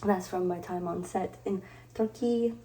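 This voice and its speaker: A woman's voice: fairly low pitch, steady tone, a little slow, mellow. A young woman vlogging in casual chat to camera, rambling and jokey, mocking herself and swearing freely. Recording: roomy, distant, faint background noise.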